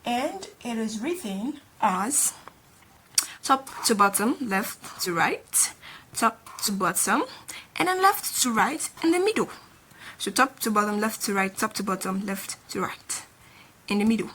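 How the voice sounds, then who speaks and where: A woman's voice: fairly high pitch, lively intonation, measured pace, fairly bright tone, a little hiss or hum. A woman teaching a beginner language lesson, patiently repeating each sound many times while she explains stroke order. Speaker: Korean teacher.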